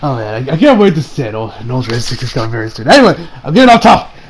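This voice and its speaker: A man reviewing an anime episode in a rambling, excitable manner, full of slang and swearing. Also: mid-range voice, very fast, a crowd in the background, low-quality recording.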